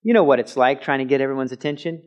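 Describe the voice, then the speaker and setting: A man preaching in a church sanctuary, teaching in a conversational way and breaking into loud shouted quotes now and then. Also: mid-range voice, racing, lo-fi sound. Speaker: pastor. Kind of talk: sermon. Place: church sanctuary with a mic system.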